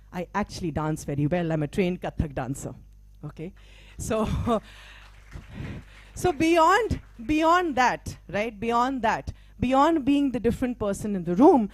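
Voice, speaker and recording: A middle-aged woman, a mental health practitioner and diversity trainer, giving a motivational stage talk in a conversational way. She often asks "right?" and "okay?" to check in with her listeners. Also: mid-range voice. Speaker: speaker at a live talk event.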